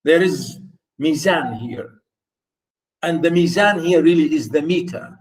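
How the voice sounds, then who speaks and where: A man whose first language is Arabic gives a university lecture, sitting a little high in pitch. He takes it very slowly, repeating points and turning to his students. The voice sounds somewhat distant from the microphone. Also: animated. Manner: slow, repetitive, addresses students directly.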